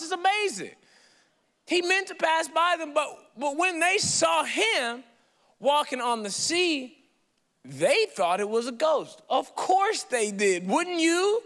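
A man preaching a sermon as pastor, animated and conversational, with playful asides to the congregation. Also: very high voice. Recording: long hall reverb.

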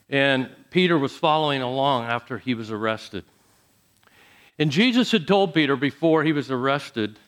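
A man preaching a sermon, dramatic, dropping to soft low phrases and then rising to loud emphatic ones. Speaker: pastor.

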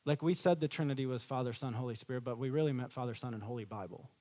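A middle-aged man preaching a sermon as a pastor, swinging from loud emphatic peaks to a quiet storytelling tone. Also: medium pitch, very fast.

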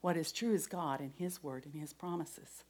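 A middle-aged woman giving a devotional talk and personal testimony, earnest, moving between raised voice and soft whispers. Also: low voice, moderate pace. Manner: earnest, shifts from loud to whispered.

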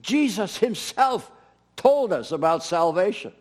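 A man's voice: high-pitched, a little slow. A middle-aged man preaching a sermon as pastor, emphatic and repeating key phrases. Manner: animated, emphatic preaching with repetitions.

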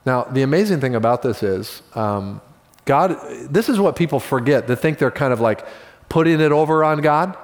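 A male pastor preaching a sermon in a relaxed, conversational storytelling manner with quick asides. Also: medium pitch, long reverb tail.

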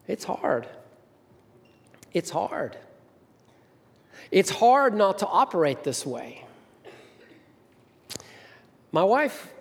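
A middle-aged man, the senior minister, giving a storytelling sermon and acting out the voices of the people in his stories. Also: fairly high pitch. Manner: storytelling, acts out quoted voices. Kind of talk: sermon with anecdotes. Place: church hall. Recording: long hall reverb.

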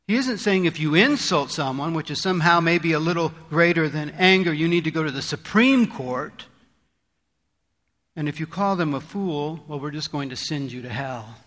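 High-voiced, unhurried male preacher. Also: fairly bright tone, in a large hall. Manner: earnest, conversational preaching with rhetorical questions. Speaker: pastor. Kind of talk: sermon.

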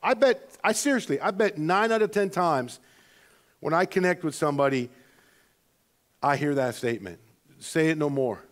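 A man with a notably high voice preaches a sermon as a pastor. He speaks earnestly, sliding between soft, reflective stretches and emphatic, rising exhortations, and often restarts his phrases as he talks. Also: expressive, moderate pace, pauses often.

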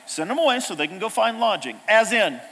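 A man delivers a sermon with a high, bright voice that climbs and drops all over the place. He swings from loud exclamations to hushed, intimate asides. The sound carries the long reverb of a large hall. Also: big pitch swings, a little fast. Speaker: pastor.

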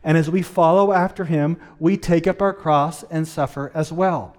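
A middle-aged man preaching a sermon as pastor, earnest, slowing his pace to stress key lines. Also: fairly high pitch, fairly even intonation, darkish tone. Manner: earnest, varies pace, slows down for emphasis.

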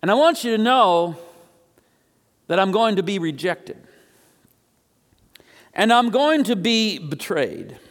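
A man's voice: high voice, expressive, slow, pauses often. A man acting out an earnest male teacher speaking emphatically to his followers, in an echoey hall. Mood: solemn. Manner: earnest and emphatic, repeating calls.

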